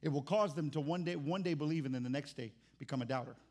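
High-voiced man preaching a sermon. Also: fast talker, darkish tone. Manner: impassioned and conversational, with restarts. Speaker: pastor.

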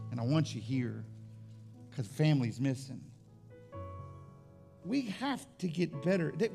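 At a church service, a man preaches in a conversational, testimony-like way, his voice showing some vocal fry. He repeats words as he builds momentum and rises in pitch and volume when he gets stirred up.

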